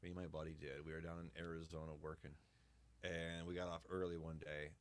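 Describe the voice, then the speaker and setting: A man's voice: rumbling low, fairly quick. A man hosting a podcast, telling a rambling story full of swearing and laughter. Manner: profane, animated storyteller who laughs often. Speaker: podcast host. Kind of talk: casual storytelling chat.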